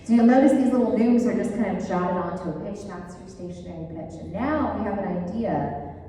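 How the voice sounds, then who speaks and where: A woman's voice: medium pitch, brisk, mellow, slight background noise. A woman giving a casual, chatty classroom lecture, enthusiastic and sprinkled with fillers. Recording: echoey hall, voice far from mic.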